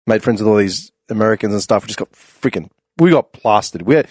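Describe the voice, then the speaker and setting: A young Australian man telling a casual story on a podcast, laughing often and loudly acting out the voices of people he quotes. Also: on the low side, animated, fairly quick, husky, no echo, studio quality. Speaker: podcast panelist.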